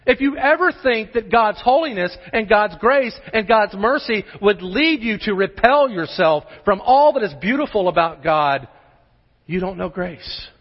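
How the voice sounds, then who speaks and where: Emphatic high-voiced male preacher. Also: expressive, measured pace. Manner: emphatic preaching with repeated rhetorical questions. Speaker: pastor. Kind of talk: sermon. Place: church sanctuary. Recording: muffled sermon audio in a large hall.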